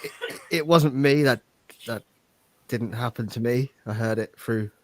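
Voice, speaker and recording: A man's voice: medium pitch, a little slow, a little hiss or hum, low-quality recording. A man in a casual live-stream chat who talks bluntly and teasingly and swears freely.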